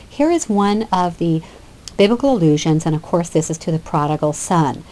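Lady teacher walking thru an old play, kinda low voice, explains as she goes. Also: animated, normal speed, dark tone. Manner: explanatory, with fillers and restarts. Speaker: literature teacher.

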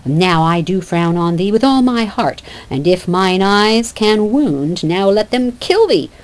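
A woman voicing a scornful young shepherdess who taunts her suitor in loud, high verse. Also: lively intonation, measured pace, lightly acted.

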